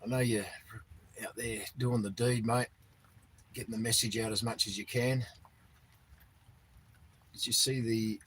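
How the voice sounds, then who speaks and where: A man's voice: mid-range voice, fairly even intonation, unhurried, pauses often, fairly bright tone, slightly rough, low-quality recording. A man hosting a casual livestream, reading out viewers' names and greeting them as he goes. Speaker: livestream host. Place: outdoors in the cold.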